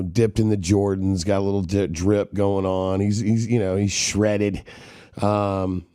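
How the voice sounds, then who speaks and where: Host, lowish mellow male voice, blunt and profane, fires questions straight at listeners, dry close sound. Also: clean tone, dry recording. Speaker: podcast host. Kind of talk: motivational interview talk.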